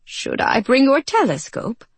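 A man's voice: very high voice, wildly swooping pitch, measured pace, slightly rough, no echo, pitched above the performer's own voice, full character voice. A woman reading a storybook voices a cheerful, unflappable male servant who speaks lightly and politely to his master. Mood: amused, polite.

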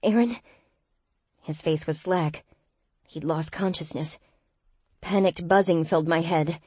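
A woman giving a tense, expressive first-person audiobook narration. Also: low-pitched, a little slow, husky, no room sound.

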